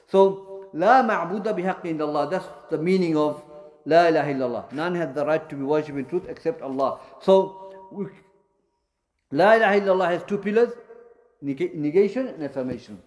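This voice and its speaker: Man, religious lecture, slightly high voice, halting delivery with many fillers, Arabic terms mixed in. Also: darkish tone, faint music behind. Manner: explains with many fillers and self-corrections; mixes Arabic terms into English. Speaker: Islamic studies teacher. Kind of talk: classroom lecture.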